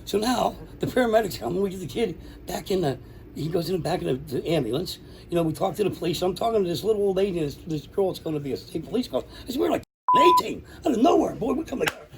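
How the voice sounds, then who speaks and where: A man from the Pittsburgh area telling a lively recovery story to a room, swearing and acting out the voices of the people in it. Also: high voice, a little hiss or hum. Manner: animated, swears, acts out voices. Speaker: recovery speaker. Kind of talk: storytelling to an audience.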